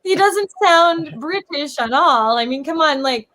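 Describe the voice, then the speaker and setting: Animated woman with a high voice. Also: measured pace. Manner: animated storyteller, acts out quotes. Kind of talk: casual chat.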